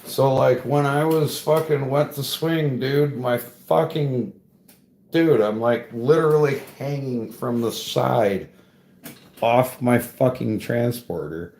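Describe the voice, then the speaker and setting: In an echoey room, a man talks to a live chat about tree climbing, spinning a rambling story packed with swearing, "bro" and "dude." His medium-pitched voice is darkish and slow, with slight background noise.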